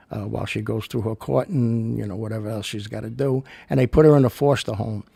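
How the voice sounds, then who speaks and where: Gravelly, husky male show host. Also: mid-range voice, a little mellow, no room sound. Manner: rambling, many fillers and restarts, indignant. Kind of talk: rambling monologue with personal stories.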